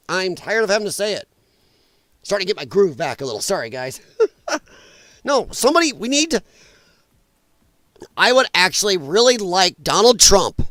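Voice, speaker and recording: A middle-aged man hosts a political livestream from home, his voice sitting high for a man. He rants angrily and emphatically, peppering every point with profanity. The sound is dry and close, with no room around it. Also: a bit bright, dry recording. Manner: angry, profane, emphatic ranting. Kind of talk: casual ranting livestream commentary.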